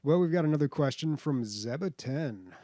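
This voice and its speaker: A man's voice: a little high, animated, moderate pace, dark tone, no echo. Easygoing man chatting, dry sound. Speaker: podcast co-host. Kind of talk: casual chat.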